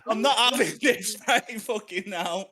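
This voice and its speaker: A man co-hosting a podcast from his home office, ranting in loud, sweary mock outrage and laughing as he goes. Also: sits high, measured pace, crowd noise. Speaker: podcast co-host. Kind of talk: casual chat. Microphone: home office mic.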